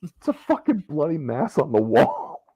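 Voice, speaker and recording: A man's voice: a little high, huge pitch swings, moderate pace, dark tone, slightly rough, no room sound, highs cut off. A man co-hosting a casual movie podcast, blunt and profane. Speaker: podcast co-host. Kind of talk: casual movie discussion chat.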